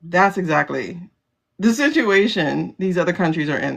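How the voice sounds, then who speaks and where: A woman talking straight to her livestream audience in a low, gravelly voice that swoops up and down with feeling. She's blunt and animated, laughing often and dropping curses as she goes. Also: normal speed. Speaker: livestream host. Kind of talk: casual livestream monologue. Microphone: phone livestream.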